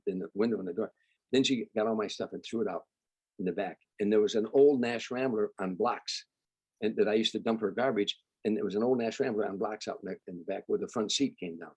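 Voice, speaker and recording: An older man from Chicago, a comedian guest, telling stories in an animated way and acting out the people he quotes. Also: fairly low pitch, husky, dry recording. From Chicago, United States. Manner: animated storyteller, acts out quoted voices. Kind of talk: storytelling interview.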